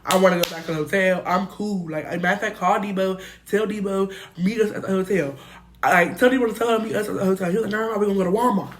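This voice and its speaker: A young woman telling a casual storytime, animated and slangy, swearing freely and jumping between loud bursts and muttered asides. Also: mid-range voice, rapid-fire, slight background noise. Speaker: storytime vlogger.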